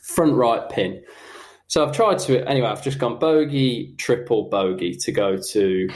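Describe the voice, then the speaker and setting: A young man, a pro golfer, telling animated, self-mocking stories about his round in casual podcast chat. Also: medium pitch. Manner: animated, self-mocking anecdotes with quick asides. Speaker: professional golfer guest.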